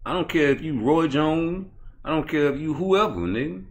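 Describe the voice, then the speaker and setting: Profane animated man ranting about boxing. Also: on the high side, moderate pace. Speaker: boxing commentary vlogger. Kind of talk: casual ranting commentary.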